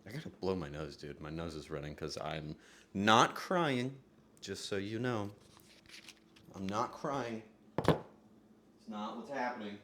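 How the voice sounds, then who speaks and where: A man streaming live from his home setup, rambling casually with sudden loud outbursts and soft asides. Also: fairly low pitch, animated, slow pace, pauses often, slight background noise.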